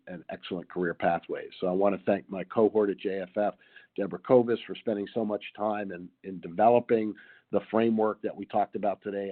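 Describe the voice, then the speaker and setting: A man's voice: fairly low pitch, no room sound. A man moderating a webinar, talking conversationally while losing his voice. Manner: conversational, thanks guests warmly. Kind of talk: webinar discussion. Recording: tinny phone-line audio, dry.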